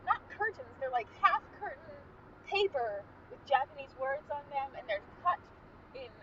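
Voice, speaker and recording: Chatty woman podcast host, very high and bouncy, car recording with loud road hum. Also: normal speed, recorded from a distance, dull audio. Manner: animated storytelling with frequent laughs. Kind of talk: casual film recap chat. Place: inside a car.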